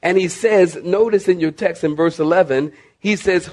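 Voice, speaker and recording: Emphatic man preaching, slightly high voice. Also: moderate pace, hardly any pauses, darkish tone. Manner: emphatic preacher who repeats key phrases and jokes with the congregation; calls on listeners to respond and mark their bibles. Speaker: pastor. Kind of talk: sermon.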